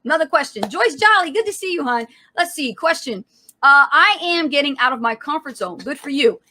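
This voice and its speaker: A woman co-hosting a live coaching stream, energetic and motivational, speaking with a public speaker's projection and greeting viewers by name. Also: high voice, brisk, a little hiss or hum. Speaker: co-host of a live coaching show.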